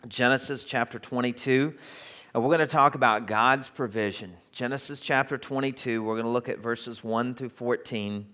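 Chatty pastor telling a story. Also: male voice, mid-range voice, moderate pace. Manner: chatty, animated storytelling with many fillers. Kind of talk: sermon with storytelling. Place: theater.

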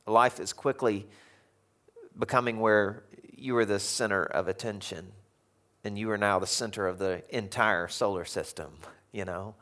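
Male pastor, lower register; conversational, animated sermon delivery with frequent chuckles. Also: normal speed. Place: church sanctuary.

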